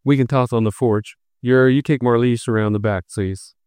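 A man's voice: medium pitch, steady tone, brisk, clear, resonant tone, dry recording, studio quality, close to an everyday voice. A man voicing a worried, protective mother in a storybook reading, raising his voice for her. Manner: sharp, protective.

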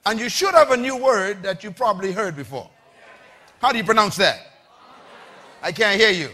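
A man preaching a sermon to a congregation, with call-and-response lines, shouting and rising to big peaks. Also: sits high, animated, moderate pace. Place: church with congregation.

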